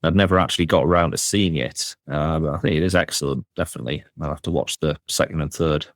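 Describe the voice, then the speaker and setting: A man hosting a podcast, asking questions in a measured, slightly hesitant way with trailing "sort of"s. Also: rumbling low, dry recording, studio quality. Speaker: podcast host. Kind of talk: interviewing a guest.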